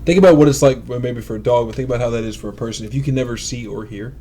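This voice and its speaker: A man's voice: medium pitch, rapid-fire, mellow, a little hiss or hum. A man co-hosting a podcast, rambling and profane in casual chat. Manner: rambling, profane, laughs at own jokes. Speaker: podcast co-host.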